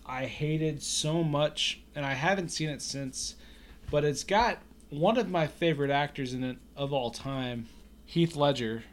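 Rambling male podcast co-host. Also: on the high side. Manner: rambling, self-interrupting, chatty. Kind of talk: casual chat.

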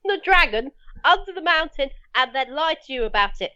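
A woman's voice: sits high, lively intonation, brisk, sharp tone, dry recording, muffled recording. A woman playing her character in a tabletop game, making emphatic speeches. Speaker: player.

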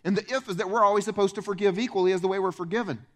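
Animated higher-voiced male pastor preaching. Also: very fast. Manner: animated, acts out quoted voices with big pitch swings. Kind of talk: sermon. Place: church.

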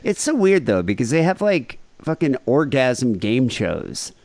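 A man's voice: medium pitch, sing-song, a little slow, a little mellow, no room sound. A man in his thirties, hosting a casual comedy podcast, rambling and joking with laughs. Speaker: podcast host.

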